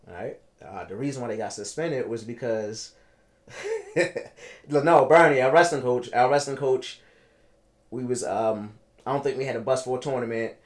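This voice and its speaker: A man, telling his own story in a casual interview, animated and repeating himself for emphasis. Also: mid-range voice, normal speed. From Baltimore, United States. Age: 30s.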